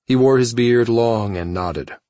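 A man narrating a science fiction audiobook in a steady storytelling manner. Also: medium pitch, a little slow, no room sound. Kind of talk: scripted narration.

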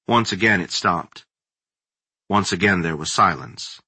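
A man reading a horror story aloud in a slow, deliberate, suspenseful manner. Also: sits low, pushed and bright, husky, no echo. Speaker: narrator. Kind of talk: scripted horror story narration.

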